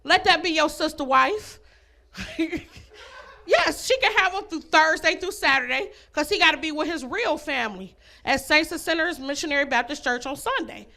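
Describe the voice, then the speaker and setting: A woman's voice: high-pitched, expressive, moderate pace, pushed and bright. A woman doing a stand-up comedy set, brash and laughing between her jokes, on a comedy club stage.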